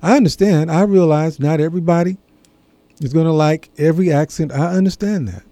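A man telling a personal story in a reflective monologue, earnest and measured, pausing between phrases. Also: a little high, warm tone, no echo. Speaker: speaker sharing a personal story.

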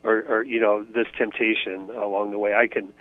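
A man from Indiana, USA, who writes on ministry, answers interview questions over a tinny, dry phone line. His voice sits on the low side with a flat delivery at normal speed and no room sound. He speaks earnestly and reflectively, using lots of fillers and restarting often.

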